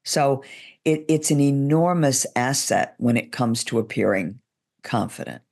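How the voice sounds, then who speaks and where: Assured woman, gravelly edge. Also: very deep voice, animated, measured pace, a little mellow. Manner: assured, explains step by step. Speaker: guest expert in public speaking. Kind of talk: instructive interview talk, demonstrating.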